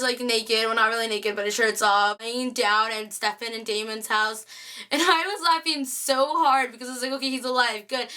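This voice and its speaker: A young woman chatting excitedly through a TV episode recap, acting out the characters' lines. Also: a little high. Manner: chatty, excitable, acts out quotes. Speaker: TV recap vlogger.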